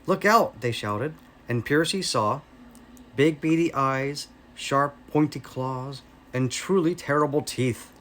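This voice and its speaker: A man with an American accent reading a children's story aloud in a slow, expressive way. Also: mid-range voice, slight background noise.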